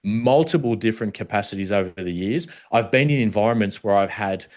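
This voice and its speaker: A man's voice: on the low side, a little fast, darkish tone. A man in his forties with an Australian accent, talking bluntly as a podcast guest and swearing freely. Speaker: podcast guest, former protection officer. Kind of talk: casual conversational interview.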